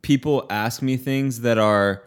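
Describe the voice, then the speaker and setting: A man chatting casually, telling a blunt, animated story about a rude customer from a past retail job. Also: medium pitch, measured pace, clean tone. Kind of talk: casual chat.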